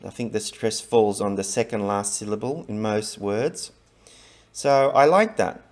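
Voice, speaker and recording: A man's voice: on the low side, a little slow. A middle-aged man talking casually to camera about learning languages, chatty and rambling, with many fillers and restarts.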